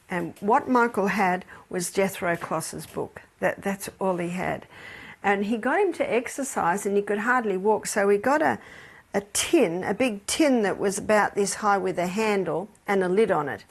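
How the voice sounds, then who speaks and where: Unhurried and a bit breathy, a woman with a medium-pitched voice and an Australian accent delivers a health lecture as an educator. She tells stories in a chatty way, laughing between them.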